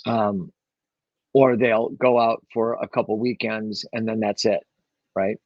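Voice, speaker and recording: A man's voice: on the low side, steady tone, unhurried, no room sound, muffled recording. A man telling his story as an interview guest, rambling along with lots of fillers and restarts. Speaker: guest, real estate investor. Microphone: own microphone.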